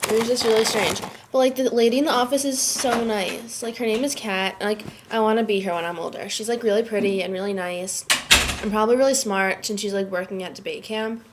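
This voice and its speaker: A woman's voice: mid-range voice, brisk, background noise. A teenage girl who is sick and tired, chatting casually to her webcam from a dorm room and filling every phrase with "like". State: sick and worn out. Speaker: vlogger. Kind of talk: casual chat to camera. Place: dorm room at a summer camp.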